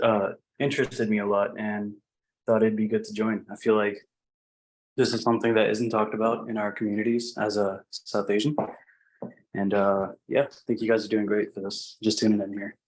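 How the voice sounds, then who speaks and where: A man's voice: lowish voice, little pitch movement, a little fast, low-quality recording. A man casually introducing himself on a video call, with hesitant fillers. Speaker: meeting participant.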